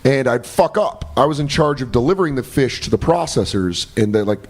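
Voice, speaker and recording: A comedian guest on a podcast, telling profane, laughing anecdotes in casual chat. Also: male voice, medium pitch, expressive, fairly quick, darkish tone.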